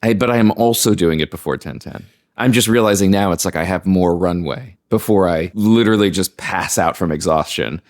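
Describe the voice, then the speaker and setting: A man on a comedy podcast, telling stories in an animated way. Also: low-pitched, fairly quick. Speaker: podcast co-host. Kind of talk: casual comedy podcast chat.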